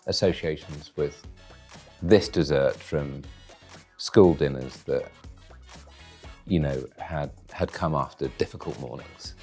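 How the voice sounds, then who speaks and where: A man giving deadpan, dry, wordy commentary while tasting food in a studio. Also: sits low. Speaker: guest taste-testing food.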